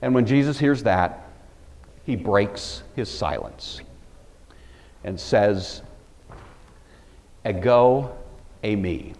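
Lively, emphatic male Bible teacher. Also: fairly low pitch, very slow, long pauses, in a large hall. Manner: animated, emphatic storytelling. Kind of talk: Bible lecture.

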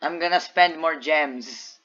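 A man's voice: fairly high pitch, slow pace, bright, forceful tone, muffled recording. A man giving casual commentary on a game over a group call, playful and teasing, laughing often. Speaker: gameplay commentator.

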